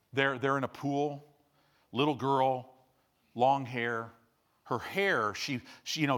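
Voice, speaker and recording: A man preaching a sermon, telling stories animatedly, with sudden loud bursts and quiet asides. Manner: animated storyteller, swings between loud bursts and low hushed asides. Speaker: pastor. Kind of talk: sermon storytelling.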